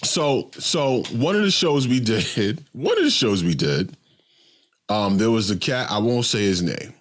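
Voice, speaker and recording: A man's voice: mid-range voice, sing-song, measured pace. A man telling a long story on a podcast, rambling with many ums and restarts. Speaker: podcast co-host, comedian. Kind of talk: casual storytelling chat.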